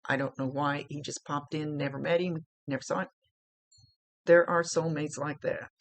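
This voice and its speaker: Gravelly-voiced middle-aged woman, psychic reading. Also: sits low, fairly even intonation, normal speed. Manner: chatty, emotional, blunt, swears freely. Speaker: psychic medium. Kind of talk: recorded psychic reading monologue.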